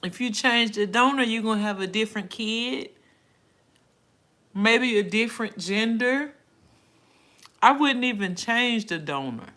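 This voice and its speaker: A woman's voice: a little high, lively intonation, unhurried, pauses often, fairly bright tone. A middle-aged woman hosting a casual live stream from her phone, reading viewers' comments aloud and answering them in an emotional, outspoken way.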